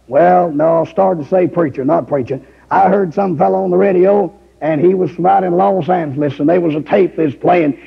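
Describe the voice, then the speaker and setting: A male preacher with a high, very gravelly, husky voice tells the story in a folksy way and rises into shouting. The recording is dull and lo-fi, and there is a long hall reverb behind him. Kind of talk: fiery revival sermon.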